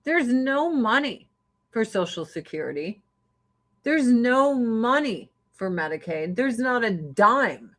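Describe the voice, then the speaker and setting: A woman's voice: on the high side, sing-song, slow, a bit bright. A woman in a casual political rant, blunt, sarcastic and often profane. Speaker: livestream host.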